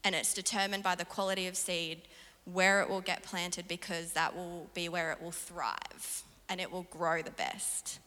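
A young woman delivers a sermon with a bright, forceful tone and a lower pitch than most women. Her voice rings out in a long hall reverb as she speaks earnestly. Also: moderate pace. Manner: earnest, animated storytelling with laughs. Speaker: preacher.

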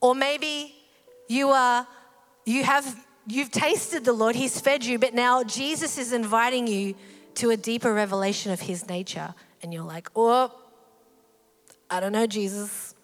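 A woman's voice: fairly high pitch, measured pace. Woman preaching in a reverberant hall. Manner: animated, acts out voices in the story. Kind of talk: sermon. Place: church hall. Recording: hall reverb with faint music.

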